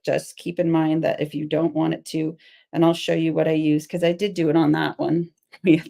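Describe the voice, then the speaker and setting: Chatty craft vlogger, a woman with a deep voice and a bit of fry, talking through a project at home. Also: dark tone. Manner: chatty and rambling, laughs often. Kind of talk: casual crafting tutorial chat.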